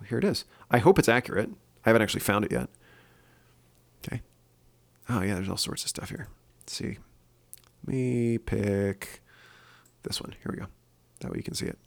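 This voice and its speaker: A man's voice: on the low side, creaky. A man hosting his own opinion podcast, talking earnestly and thinking aloud with frequent fillers. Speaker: podcast host. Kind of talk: solo opinion podcast monologue.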